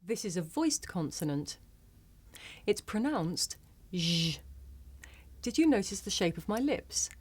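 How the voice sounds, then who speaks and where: A woman with a British accent teaching English pronunciation, speaking clearly and deliberately, carefully over-articulating each sound. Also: mid-range voice, very animated. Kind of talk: slow scripted pronunciation lesson.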